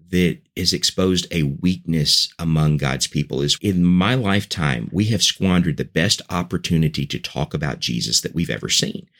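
Male podcast guest, preacher, very deep voice, earnest and persuasive. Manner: earnest, persuasive, building points in lists. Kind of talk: conversational podcast talk.

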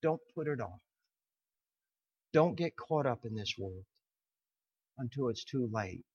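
A man preaching a sermon with passion, swelling to loud emphatic peaks and dropping low, sometimes stumbling over words. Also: lively intonation, takes it slowly, slightly rough, muffled recording.

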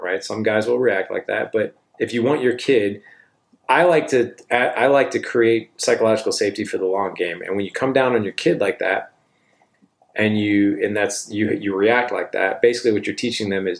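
A man's voice: lowish voice, a little fast, vocal fry. A middle-aged man giving a conversational coaching talk about parenting, emphatic and often checking in with tag questions. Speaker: parenting speaker.

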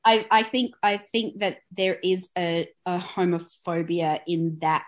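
A woman co-hosting a podcast, chatting casually in an expressive, self-deprecating way. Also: lowish voice, measured pace. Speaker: podcast co-host. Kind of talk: casual chat.

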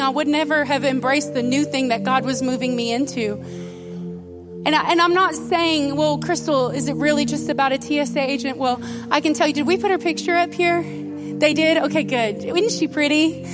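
High-voiced woman pastor preaching over music. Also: normal speed. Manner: chatty, animated, speaks directly to the congregation. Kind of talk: sermon with personal storytelling. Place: church service before a congregation.

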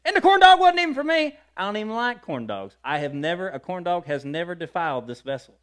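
A male preacher telling stories in a sermon in a folksy, conversational way, swinging between loud and quiet and often laughing. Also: sits high, moderate pace. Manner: lively storytelling with wide swings in loudness and frequent laughter. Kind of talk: storytelling sermon.

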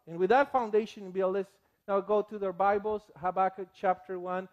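A man preaching a sermon as pastor, animated and acting out the people he quotes. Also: sits high, moderate pace, dull audio.

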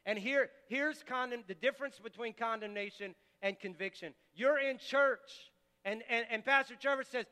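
A male pastor preaching with passion, bright and forceful, high in pitch for a man. He talks in a conversational way and often restarts his sentences. His voice rings through a church with a long reverb. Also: moderate pace. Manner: impassioned, conversational, with repeated restarts. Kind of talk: sermon. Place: church sanctuary.

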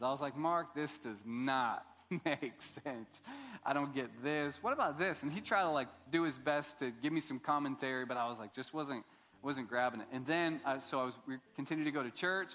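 Middle-aged pastor guy, casual and jokey sermon storytelling, slightly high voice, long echo from the hall. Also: a bit bright.

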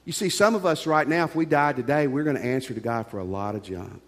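A man's voice: medium pitch, fast, in a large hall. A middle-aged male pastor preaching a sermon in an earnest, conversational way, telling stories from his own life.

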